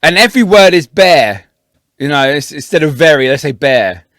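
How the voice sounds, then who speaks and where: Lively laughing dad. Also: male voice, fairly high pitch, moderate pace, dry recording, clean studio sound. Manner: laughing, crude, animated. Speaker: podcast co-host. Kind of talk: casual banter.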